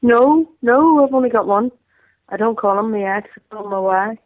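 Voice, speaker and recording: A woman's voice: fairly high pitch, moderate pace, no echo. A woman with an Irish accent, calling into a radio show for a casual chat, joking and playing with words. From Ireland. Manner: chatty and joking, fond of wordplay. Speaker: phone-in guest. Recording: tinny phone line.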